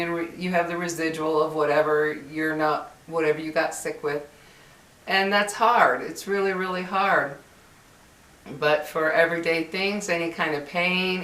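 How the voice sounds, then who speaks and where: Middle-aged woman, candid emotional vlogger, lowish voice, roomy echo. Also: fairly bright tone, far from the mic. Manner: candid, chatty, emotional, laughs often. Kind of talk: personal vlog chat. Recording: echoey room, voice off mic.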